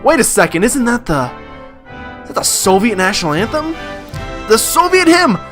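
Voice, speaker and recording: A man's voice: sits high, sing-song, fairly quick, music in the background. A man hosting a let's play video, reacting in a joking, bemused way. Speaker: gaming video host.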